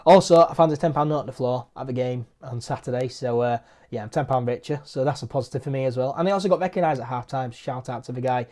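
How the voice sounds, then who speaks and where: A man's voice: medium pitch, fast, a little mellow. A man hosting a football match review vlog, frustrated and repeating his points for emphasis. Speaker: football fan channel host.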